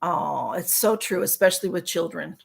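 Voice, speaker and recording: A woman with a lowish, creaky, husky voice speaks animatedly at a moderate pace while hosting a casual live stream. She reads viewer comments and replies sympathetically, her speech full of ums and restarts.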